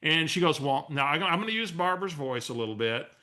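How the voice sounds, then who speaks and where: A man leading a coaching webinar, telling a story in an animated, restarting way. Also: a little high, quick pace. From San Antonio area, US. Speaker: real estate coach. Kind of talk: webinar training talk.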